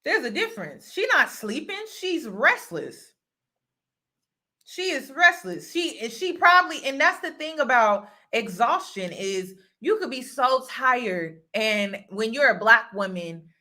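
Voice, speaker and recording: A woman from the United States talks straight to her viewers in a casual vlog monologue, her voice slightly high and very bright. She speaks earnestly and circles back to repeat her key phrases for emphasis. The tone stays close and conversational. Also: sing-song, unhurried. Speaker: host and mentor.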